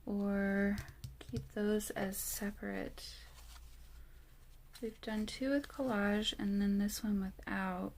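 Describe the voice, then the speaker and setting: Woman chatting slow while she crafts, kinda gravelly, thinks out loud and laughs a lot. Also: medium pitch, steady tone, slight background noise. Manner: musing, unhurried, trails off and laughs often. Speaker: craft vlogger. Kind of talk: casual talk while crafting.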